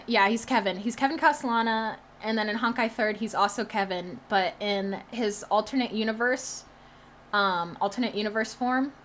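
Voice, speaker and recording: A young woman streaming, reacting loudly with shrieks and swearing, then rambling casually about what she watched. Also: mid-range voice, a little hiss or hum.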